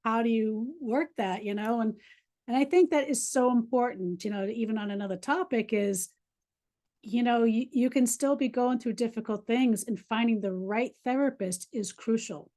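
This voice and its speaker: A woman hosting a podcast, with a voice that sits fairly high. She talks in a chatty, affirming way and often leans on "you know" and "right?" as she shares her own experiences. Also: moderate pace, dark tone. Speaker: podcast host. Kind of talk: casual interview chat.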